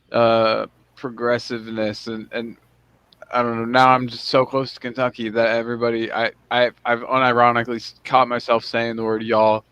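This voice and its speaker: A man's voice: medium pitch, a bit bright, smooth, dull audio. Rambling, easygoing American man. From United States. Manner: rambling, laughs easily. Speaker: podcast host. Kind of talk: casual chat.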